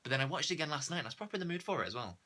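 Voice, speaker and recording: Man co-host, fast and bright-toned, sarcastic film chat, mimics characters. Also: fairly high pitch, big pitch swings. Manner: sarcastic, acts out quoted characters. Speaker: podcast co-host. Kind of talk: casual film review chat.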